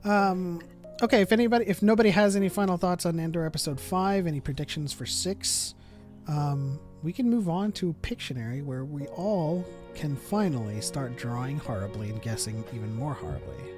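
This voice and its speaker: A man's voice: on the high side, moderate pace, darkish tone, soft background music. A man hosting a casual live podcast chat, rambling with lots of fillers. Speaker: podcast host.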